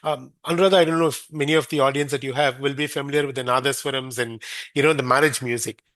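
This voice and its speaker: Quick-paced and fairly even in intonation, this Indian-accented podcast guest, a senior care specialist, has a mid-range, slightly bright voice with no room sound. He tells a meandering story during the interview, performing the quoted speech of its characters.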